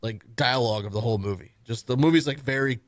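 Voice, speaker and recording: A man's voice: mid-range voice, fast talker, dry recording. A man hosting a casual radio show, running segments and chatting in an easygoing way.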